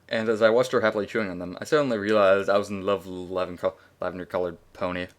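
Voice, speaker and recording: A man's voice: low-pitched, fairly even intonation, racing. A man reading a fan fiction story aloud in a casual way. He breaks off for chatty asides, swears and laughs at the text.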